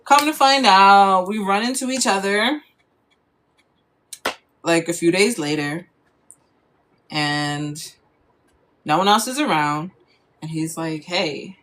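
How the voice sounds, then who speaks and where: A woman's voice: fairly low pitch, takes it slowly, long pauses, fairly bright tone. Young woman rambling thru a storytime, lots of likes, bit of hiss in the background. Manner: chatty, lots of "like" fillers. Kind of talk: casual storytime.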